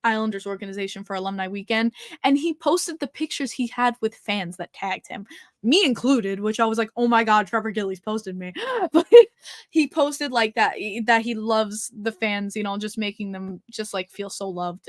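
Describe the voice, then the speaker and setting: A young woman hosting a casual livestream podcast, gushing and excitable, swearing freely as she chats. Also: mid-range voice, normal speed, dry recording, studio quality. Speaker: podcast host.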